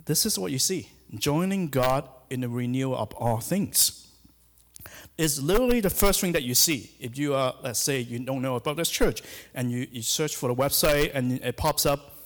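A man's voice: mid-range voice, normal speed. A middle-aged man, a hospital chaplain giving a sermon in a church, speaking hesitantly with many fillers and restarts. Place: church sanctuary. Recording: long hall reverb.

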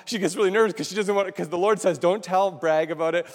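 Talking fast with few pauses, this high-voiced man preaches casually to a congregation, keeping things conversational and quizzing the crowd. The large hall gives the recording a long, echoing reverb.

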